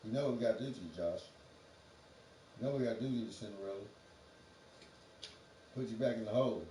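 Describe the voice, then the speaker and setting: The livestream host has a fairly low, dark voice and a quick pace as he rambles profanely from one thought to the next, laughing frequently. He sits away from the mic in a roomy space, and faint background noise is present.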